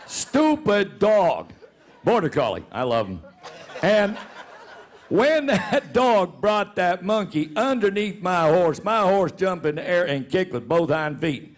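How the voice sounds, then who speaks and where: A rodeo announcer and show regular tells a funny story in a folksy manner, laughing through it himself. His high-pitched voice has a sing-song quality and a measured pace.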